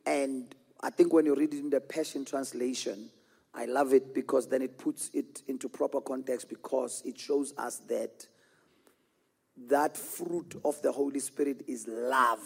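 A man's voice: medium pitch, fairly even intonation, unhurried, gravelly, breathy edge. A man preaching a sermon as pastor, often asking the congregation whether they are with him and building in intensity as he goes. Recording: echoey hall with long reverb.

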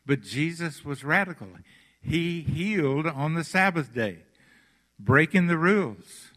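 A man preaching a sermon as pastor, retelling scripture stories slowly and with emphasis before leading communion and prayer. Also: on the high side, lively intonation, fairly bright tone, in a large hall. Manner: slow, emphatic storytelling preaching.

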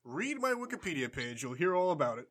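A man's voice: on the high side, big pitch swings, fast, fairly bright tone. A man co-hosting a casual sports podcast who jokes back defensively when teased. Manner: laughing, defensive joking. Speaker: podcast co-host. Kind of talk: casual banter.

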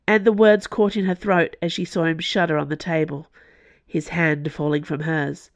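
A woman narrating an audiobook in a slow, measured reading. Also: low-pitched, fairly even intonation, dry recording.

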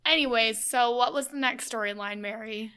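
A woman's voice: fairly high pitch, normal speed, bright, forceful tone, clean tone. A woman co-hosting a podcast, making dry, wry remarks in casual chat about a TV episode. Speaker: podcast co-host.

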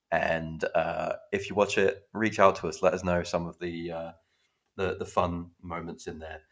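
A man co-hosts a relaxed podcast in a very low, deep voice. He talks freely and chattily, dropping the odd curse word. He likes to act out the bits he is describing. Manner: chatty, swears casually, acts out film scenes. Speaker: podcast co-host. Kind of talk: casual chat.

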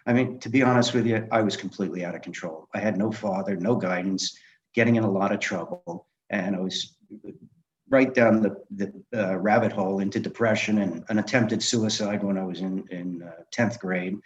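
A middle-aged man with a low, steady voice tells his stories in an animated way, jumping into the voices of the people in them. The audio is dull and slightly lo-fi, like a modest interview recording. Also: normal speed. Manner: animated anecdotes, acting out quoted dialogue. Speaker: guest, film director and memoir author. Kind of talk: conversational storytelling interview.

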